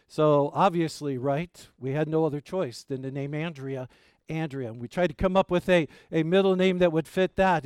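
A man's voice: a little high, a little mellow, smooth, dry recording, studio quality. A middle-aged male pastor preaching a sermon, telling family stories in a folksy, rambling way with many fillers.

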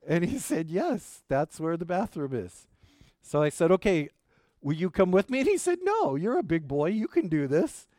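A man preaching a sermon, telling a childhood story in a lively way and checking in with the congregation as he goes. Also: a little high, smooth, no room sound, studio quality. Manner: animated storyteller, asks the congregation "okay?" and "right?". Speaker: pastor.

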